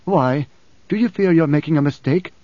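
A man voicing a composed, guarded noblewoman who speaks in measured, probing questions. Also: on the high side, no room sound, natural voice. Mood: cool, guarded. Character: composed noblewoman, middle-aged, guarded and sharp. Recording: slightly dull dry recording.

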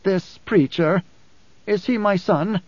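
A man voicing a composed, guarded noblewoman who speaks in measured, probing questions. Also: high voice, a little mellow, no echo, pitched above the performer's own voice. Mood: cool, guarded. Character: composed noblewoman, middle-aged, guarded and sharp. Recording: slightly dull dry recording.

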